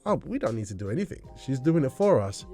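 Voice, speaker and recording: A man's voice: medium pitch, big pitch swings, quick pace, warm tone, soft background music, natural voice. A man voicing a sly, scheming male head demon who mocks and coaxes his prey. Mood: smug.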